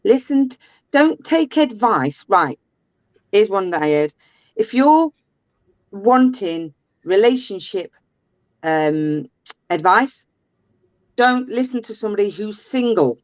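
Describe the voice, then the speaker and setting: A woman's voice: medium pitch, sing-song, takes it slowly, pauses often, no room sound, lo-fi sound. A woman from the English Midlands with a Midlands accent, chatting and telling stories in a jokey way. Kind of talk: casual chat.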